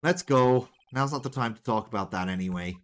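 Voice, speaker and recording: A man's voice: medium pitch, brisk. A man hosting a live game stream, chatting casually and rambling with restarts. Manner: rambling, many restarts and laughs. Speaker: streamer host. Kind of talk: casual let's play commentary.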